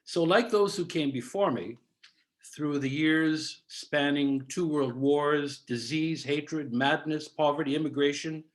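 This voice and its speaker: A Canadian man in his seventies, a cantorial soloist, shares a measured, didactic story over video, scattering Yiddish words throughout. He speaks at a fairly high pitch.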